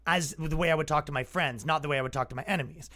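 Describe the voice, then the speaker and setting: A man's voice: fairly high pitch, rapid-fire, pushed and bright. A man hosting a comedy podcast, ranting casually in an exasperated, sarcastic way. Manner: exasperated, sarcastic, acts out quoted voices.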